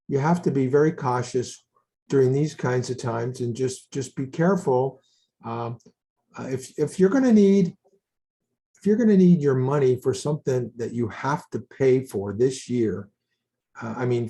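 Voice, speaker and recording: An older man co-hosting a casual market chat, giving measured, cautionary advice. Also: medium pitch, mellow. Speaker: co-host.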